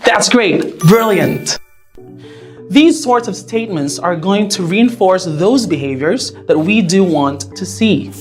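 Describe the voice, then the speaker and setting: A young woman teacher talks through classroom tips in a bright, animated voice that rises and falls a lot. Her delivery is scripted and friendly, with faint music playing under her. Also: medium pitch. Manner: lively, acts out shouting at pupils. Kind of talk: scripted educational video.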